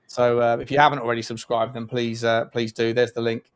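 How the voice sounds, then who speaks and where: A man's voice: mid-range voice, level tone, a little fast, clear, resonant tone. A young man co-hosting a live football watch-along, chatting casually and often laughing. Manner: chatty, lots of fillers and restarts, laughs often. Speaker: co-host.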